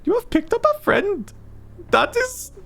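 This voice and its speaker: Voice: very high voice, very animated, measured pace, creaky, fairly bright tone, a little hiss or hum, voice pushed up, heavily acted. A game master voicing a talking magic broom in a showy game-show-host manner, with an attempted Swedish accent. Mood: chirpy.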